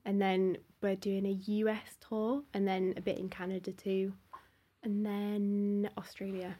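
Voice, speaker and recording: A young woman, a session bassist, talking reflectively and a bit hesitantly as a guest in a casual podcast interview. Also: little pitch movement, unhurried, warm tone. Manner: reflective, hesitant, trailing phrases.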